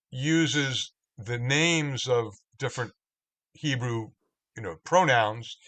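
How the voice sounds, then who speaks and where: In an online Torah class, a man who serves as a cantorial spiritual leader reads translations at a slow, contemplative pace, often starting words over. His pitch is fairly high and his tone is sharp.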